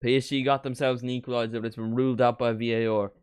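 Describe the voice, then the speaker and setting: A young man commentating on a live match for his stream, his voice sitting in a middle pitch and sounding dry and close to the mic. He chats along casually with viewers and jumps loudly at goals and near misses. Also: quick pace, smooth, dry recording. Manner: excitable, shouts at big moments, chats to stream viewers. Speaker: watchalong streamer. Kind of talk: live football watchalong commentary.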